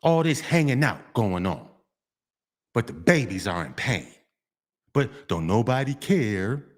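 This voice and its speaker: A man's voice: medium pitch, very animated, measured pace. A middle-aged man, delivering a street monologue vlog, preachy and repetitive, often breaking into sing-song refrains. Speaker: vlogger.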